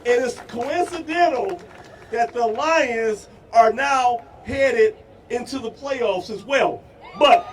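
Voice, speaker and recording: A man gives an upbeat, folksy speech that rouses an outdoor rally. His voice sits very high for a man. He is heard from a distance over a cheering crowd and clear street noise. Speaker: police chief giving a speech. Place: outdoor rally at a school parade.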